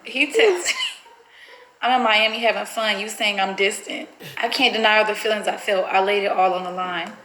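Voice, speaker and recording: A woman's voice: mid-range voice, level tone, fairly quick, hardly any pauses, bright, forceful tone, a little hiss or hum. A young woman vlogging casually to her viewers, chatty and giggly, talking straight to the camera. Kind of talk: casual vlog chat to camera. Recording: roomy echo with faint music.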